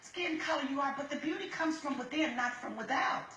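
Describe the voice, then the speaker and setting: A woman's voice: sits high, a little fast, fairly bright tone. A woman presiding as a TV judge, lecturing in a stern, blunt and scolding way. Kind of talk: courtroom lecturing. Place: TV courtroom studio. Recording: roomy courtroom sound.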